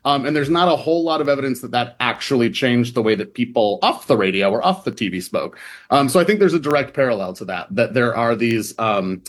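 A man's voice: mid-range voice, lively intonation, fairly quick. Man from the Midwest, radio interview guest, conversational and filler-heavy. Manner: chatty, lots of fillers and "like". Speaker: reporter guest.

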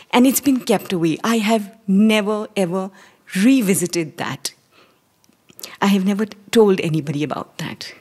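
Indian woman, forties, breathy voice, live stage storyteller, measured and hesitant. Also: mid-range voice, a little mellow. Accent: Indian English. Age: 40s. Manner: measured and hesitant, dropping to near-whispers.

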